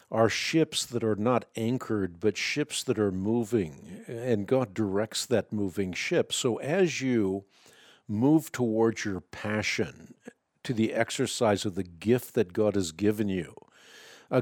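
A man's voice: lowish voice, darkish tone, dry recording, clean studio sound. A man hosting a call-in radio show, answering a caller's Bible questions in an earnest, preacherly, explanatory way.

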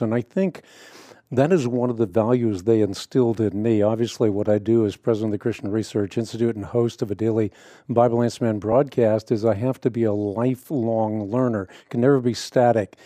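A man's voice: on the low side, brisk, mellow, dry recording, clean studio sound. A middle-aged man who hosts a radio show, talking earnestly and fluently, telling stories in conversation. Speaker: radio host. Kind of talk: conversational interview.

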